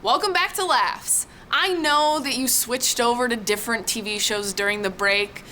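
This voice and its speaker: A woman hosts a stand-up comedy show with a fairly high voice and a wry, playful delivery. Music plays clearly under her voice. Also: moderate pace, sharp tone. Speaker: host. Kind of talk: hosting comedy show links.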